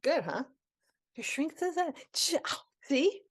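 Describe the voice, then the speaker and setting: A woman in an improv comedy scene, playing an awkward, self-important researcher sister who talks haltingly with many restarts. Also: sits high, sing-song, exaggerated voice. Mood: teasing. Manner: halting, hesitant, full of restarts. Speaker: improv performer.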